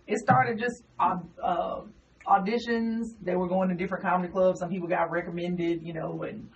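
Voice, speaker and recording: A woman's voice: fairly low pitch, normal speed, creaky. A woman stand-up comedian with a slight twang, chatting as a radio guest and acting out the voices in her stories. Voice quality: says she has a twang. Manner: animated storyteller, acts out quotes. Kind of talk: casual radio interview chat. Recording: distant mic, dull lo-fi radio sound with faint hiss.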